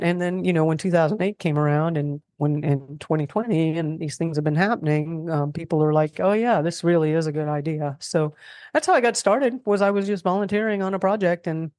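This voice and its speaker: A middle-aged woman talking casually as a guest, animated and rambling with many restarts. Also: lowish voice, no echo, studio quality. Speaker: guest expert on food self-reliance. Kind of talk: casual interview talk.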